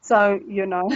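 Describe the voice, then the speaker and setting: A woman's voice: on the high side, slightly rough, no room sound, dull audio. A young adult South African woman whose first language is Afrikaans, chatting casually as an interview guest and often saying "you know.".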